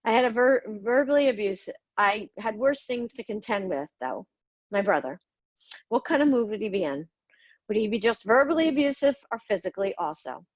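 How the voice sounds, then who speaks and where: A woman's voice: on the high side, lively intonation, moderate pace, no room sound, highs cut off. A middle-aged woman narrating her own life story in a somber, confessional way, blunt and sometimes swearing. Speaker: podcast host telling her own story. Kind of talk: personal memoir narration.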